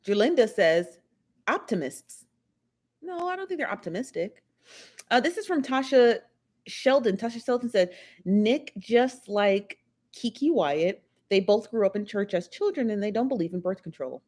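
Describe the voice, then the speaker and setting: A woman's voice: medium pitch, lively intonation, normal speed, darkish tone. A woman hosting a live stream, chatting her opinions and reading viewer comments aloud. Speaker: livestream host reading chat. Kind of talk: casual chat.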